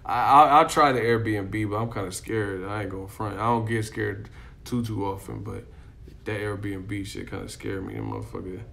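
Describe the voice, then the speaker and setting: A man's voice: fairly low pitch, fairly even intonation, normal speed, vocal fry, fairly bright tone. A man chatting casually on a live stream, rambling, swearing and laughing often, talking to his chat. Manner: rambling, profane, laughs a lot, acts out voices. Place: in Miami.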